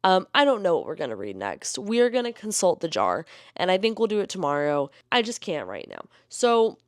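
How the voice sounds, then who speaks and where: Woman book vlogger, gushing and rambling, lively swooping pitch, lowish voice, dry close sound. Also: fairly quick, dry recording. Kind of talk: casual vlog chat.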